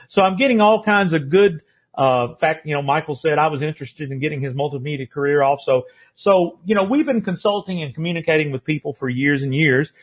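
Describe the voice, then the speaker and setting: A man hosting a live interview show, who chats in a rambling way with many restarts. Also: fairly high pitch.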